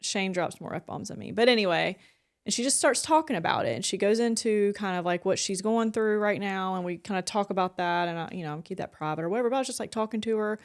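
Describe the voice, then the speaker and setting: A woman's voice: mid-range voice, fast. A woman co-hosting a podcast in casual chat, telling a long story and filling her talk with "like". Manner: rambling storyteller, heavy use of "like". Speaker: podcast co-host.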